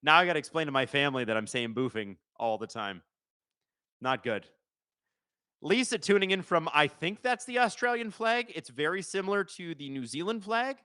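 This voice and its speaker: Bright-voiced man streaming. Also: on the high side, animated, moderate pace, smooth, dry recording. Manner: jokey, reads viewer comments aloud. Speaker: host of a live watch-along stream. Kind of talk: casual live-stream chat and play-by-play.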